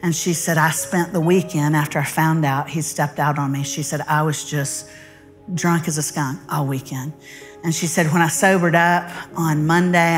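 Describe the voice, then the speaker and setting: A middle-aged woman, preaching a sermon and telling a story in an animated, folksy way. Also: low-pitched. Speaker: guest speaker.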